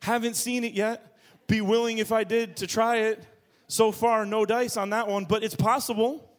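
A man preaching a sermon as pastor, moving between quiet low asides and loud, high bursts of emphasis. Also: flat delivery, moderate pace. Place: church.

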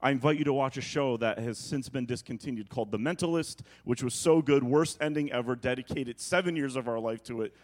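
A middle-aged man from New York preaching with humorous storytelling, acting out quotes and sounds with quick jokey asides. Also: medium pitch. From New York, United States.

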